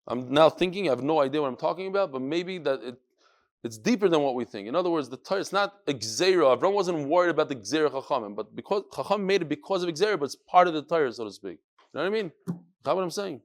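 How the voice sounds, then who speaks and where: Animated high-voiced yeshivish male Talmud teacher. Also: fast talker. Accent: yeshivish English with Hebrew and Yiddish terms. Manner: animated, acts out dialogue in raised voices. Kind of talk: Daf Yomi Talmud class.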